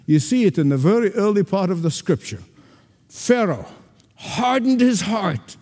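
A male pastor preaching a sermon with emphatic delivery and dramatic pauses. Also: high voice, lively intonation, dark tone. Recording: long hall reverb.

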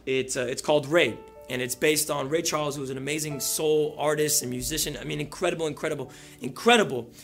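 A male pastor preaching a sermon, telling a story and building to loud emphatic peaks. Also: on the high side, fairly even intonation, quick pace, creaky, hardly any pauses, faint music behind.

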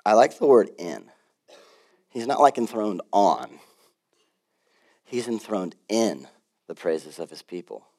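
A man pastor preaching a sermon in an animated, conversational way, with frequent asides. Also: on the low side, a little slow, pauses often.

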